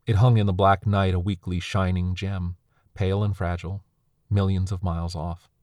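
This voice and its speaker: A man reading a first-person story aloud in a measured, somber way. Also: deep voice, level tone, darkish tone, dry recording, studio quality. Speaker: narrator.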